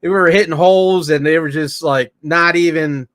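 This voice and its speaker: A man's voice: fairly high pitch, fairly even intonation, moderate pace, fairly bright tone, no room sound, clean studio sound. A man co-hosting a casual sports podcast, talking in a laid-back, hesitant way full of "man" and "dude.". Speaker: podcast co-host.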